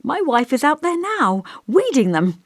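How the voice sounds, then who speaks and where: Woman voicing a gentle, fussy old-fashioned vicar. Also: high voice, very animated, moderate pace, dry recording, studio quality, pitched above the performer's own voice, exaggerated voice. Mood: genial. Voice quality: gentle, scholarly voice. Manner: kindly, hesitant, over-polite. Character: gentle, fussy, scholarly male village vicar. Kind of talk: audiobook character voice.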